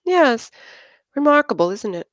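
A woman reading aloud and voicing Erno, a smooth male pilot who sounds dry and patronizing. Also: fairly low pitch, lively intonation, moderate pace, no room sound, dull audio.

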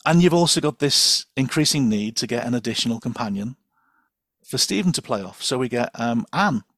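A man speaks as a podcast guest in a dry, close-sounding recording. His voice sits at an ordinary middle pitch while he rambles along in an animated, digressive way. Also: a little fast, no echo. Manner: animated, digressive, many fillers and restarts. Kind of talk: casual chat.

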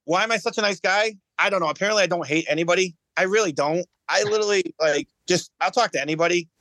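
A man's voice: sits high, fast, bright, forceful tone, no room sound. A man, a guest on a podcast, telling his story in earnest, often restarting and repeating words. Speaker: guest, bowling champion. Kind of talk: casual podcast chat.

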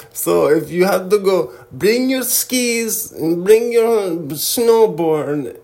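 A man puts on a prim, pompous Swiss gentleman, talking in a stiff, formal way. The voice sits high above his own and moves at an unhurried, deliberate pace. Every word comes out proper and measured.

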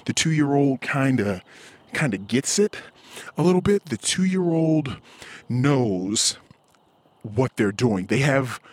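A man talks into his mic as he walks along a quiet street outside. His voice is husky and very lively in pitch. He rambles and swears freely in a casual solo podcast rant. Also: slow, pauses often, no room sound. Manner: rambling, profane, frustrated; acts out quoted voices. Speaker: podcast host. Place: outdoors, walking in a cul-de-sac.

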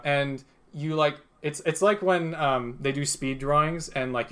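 A man's voice: a little high, a bit bright. Rambling young man running a tabletop game. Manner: rambling, filler-heavy, chuckling narration. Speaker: game master.

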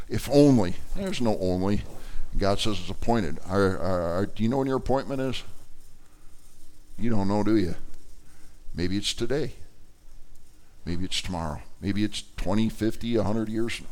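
A man preaching a sermon, swinging between loud outbursts and quiet, low passages and acting out the voices he quotes. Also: clean tone.

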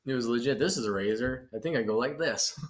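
A man's voice: medium pitch, quick pace, slight background noise. A man co-hosting a podcast, chatting casually and joking his way through rambling tangents. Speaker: podcast co-host. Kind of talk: casual chat.

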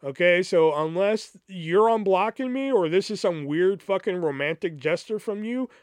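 A man's voice: sits high, animated, normal speed, dry recording. A man hosting a podcast, telling a personal story in a casual, rambling, profane way and acting out what others said. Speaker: podcast host.

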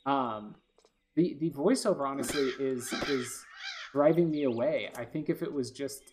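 A man's voice: medium pitch, moderate pace, background noise. A man giving casual gameplay commentary, rambling with lots of fillers and restarts, often frustrated. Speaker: gaming video host.

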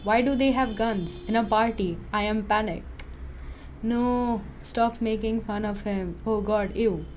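A woman's voice: fairly high pitch, a little slow, darkish tone, slight background noise. A young woman co-hosting a casual podcast, bluntly reading out her sarcastic reactions. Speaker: podcast co-host.

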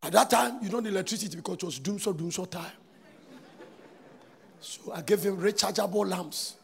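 A man with a Ghanaian English accent preaching a sermon as a prophet to his congregation. He swings from shouted declarations to hushed asides. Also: high-pitched, a little fast, gravelly, husky, a faint crowd. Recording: long hall reverb.

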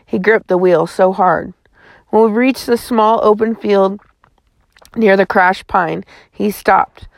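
A woman's voice: medium pitch, fairly even intonation, slow pace, gravelly, dry recording. A woman reading a chapter book aloud in a folksy first-person storytelling manner, close to the mic. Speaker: audiobook narrator.

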